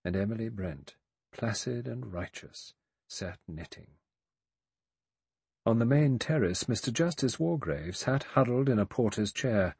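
A man over sixty narrating a mystery audiobook in a measured, even way. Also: medium pitch, gravelly, breathy edge, no room sound. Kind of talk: scripted narration.

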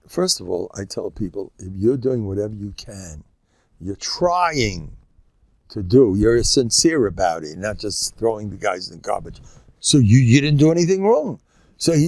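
Gravelly older man giving a lively lecture. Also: no room sound. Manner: animated, jumps into high-pitched mock dialogue. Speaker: rabbi. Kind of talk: Torah lecture.

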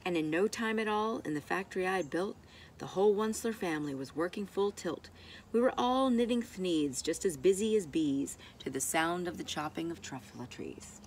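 A woman reading a rhyming picture book aloud in an expressive, rhythmic way. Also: on the low side, normal speed, a little hiss or hum. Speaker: storybook reader.

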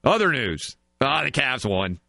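A man's voice: mid-range voice, sing-song, unhurried, gravelly, pushed and bright, no echo. A man hosting a sports talk radio show, riffing sarcastically and in mock outrage.

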